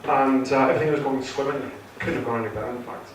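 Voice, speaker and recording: A man's voice: mid-range voice, fairly even intonation, very fast, a little hiss or hum. A man doing his first stand-up comedy set, nervous and rambling, full of fillers and restarts. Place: theatre stage with a live audience. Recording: echoey hall recorded from far off.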